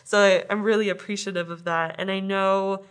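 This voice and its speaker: A woman's voice: mid-range voice, fairly even intonation, normal speed, clean tone. A woman interviewing a coach, affirming what he has done and checking her facts tentatively. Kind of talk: conversational interview.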